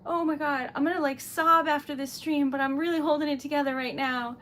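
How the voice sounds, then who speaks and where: Flustered, teary high-voiced woman streamer. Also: fairly even intonation, brisk, fairly bright tone, a little hiss or hum. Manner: flustered, laughing through tears, stammering; breathless gushing thanks. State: tearful and giggly. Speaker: livestreamer. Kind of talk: casual livestream chat.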